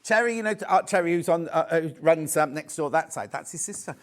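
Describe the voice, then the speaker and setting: A man's voice: fairly high pitch, a little fast. A man with a Yorkshire accent presenting a live shopping show, gushing and rambling in easy chat. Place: TV studio.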